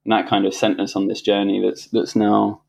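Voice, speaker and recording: A man appearing as a podcast guest recounts something personal in brisk, creaky, fairly low tones. The conversation is casual, and he comes across as animated and reflective, laughing and restarting sentences often.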